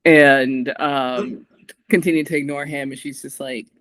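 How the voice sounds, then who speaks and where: A man co-hosting a podcast, animated and sarcastic, acting out quotes in casual recap chat. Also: mid-range voice, unhurried, no room sound. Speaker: podcast co-host.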